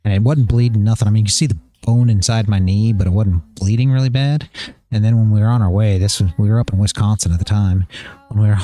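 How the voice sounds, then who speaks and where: A man's voice: lowish voice, warm tone. A man hosting a live stream, chatting casually and rambling through a personal story with many restarts. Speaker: livestream host.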